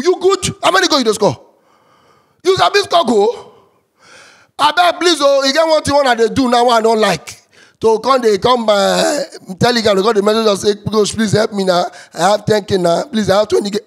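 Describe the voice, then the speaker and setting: Man, Nigerian Pidgin English accent, football fan rant, sing-song and excitable, very high gravelly voice. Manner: excitable, sing-song, swings from loud to muttering. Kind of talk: animated sports rant.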